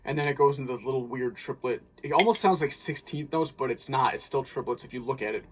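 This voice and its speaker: A man's voice: medium pitch, fast, background noise. A man casually breaking down a snare drum part as an instructor, thinking aloud with small restarts. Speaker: drumline instructor.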